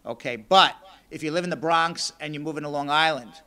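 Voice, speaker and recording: A hoarse man losing his voice, hosting a live call-in radio show and giving legal advice step by step in a fast, energetic way. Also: a little high. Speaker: immigration lawyer and radio show host.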